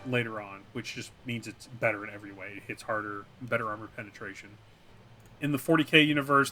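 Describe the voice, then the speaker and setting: A man co-hosting a casual gaming chat, recapping a video game in a rambling, animated way and acting out scenes as he goes. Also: mid-range voice. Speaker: co-host.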